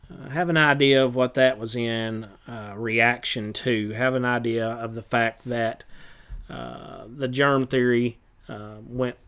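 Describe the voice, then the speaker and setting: A male teacher reviews material ahead of an exam in a smooth, clear voice at an ordinary middle pitch. He speaks plainly and matter-of-factly, stopping often on fillers as he works through his list. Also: fairly bright tone. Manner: halting, many filler pauses; plain, matter-of-fact instruction. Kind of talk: test review lecture.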